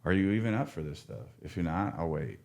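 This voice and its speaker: Man, addiction counselor; deep voice, frank and earnest, lots of restarts. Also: expressive, fast, creaky, a little mellow. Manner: earnest, frank, with many restarts and casual swearing. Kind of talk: casual podcast conversation.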